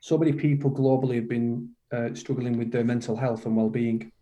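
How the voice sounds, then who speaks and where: A middle-aged British man, a guest on a podcast interview, speaks in a warm, mellow voice of ordinary male pitch at a brisk clip and a steady tone. He talks with passion and emphasis, repeats his key phrases, and calls the listener "man" like a motivational coach. The audio has its highs cut off.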